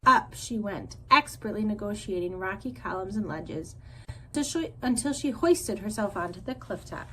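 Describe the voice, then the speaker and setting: Expressive woman reading a children's book. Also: medium pitch, normal speed, a little hiss or hum, rough recording. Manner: expressive storytelling. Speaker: teacher reading aloud. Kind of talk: reading a children's novel aloud.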